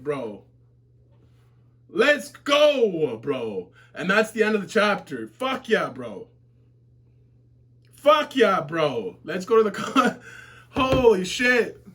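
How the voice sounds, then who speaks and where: Excitable male reaction streamer: high, bright voice, slow easy delivery, profane, explodes into shouting. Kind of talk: live reading reaction.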